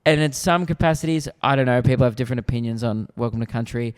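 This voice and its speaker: A man's voice: medium pitch, fast talker, clear, resonant tone. A man co-hosting a podcast, chatting casually and rambling through stories. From Australia. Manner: rambling storyteller, laid-back. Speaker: podcast co-host, comedian. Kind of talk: casual chat.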